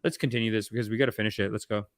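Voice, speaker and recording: A man hosting a casual commentary stream, talking in an animated, rambling way with many fillers and quick asides. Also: lowish voice, no echo. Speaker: host. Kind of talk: casual commentary while watching a documentary.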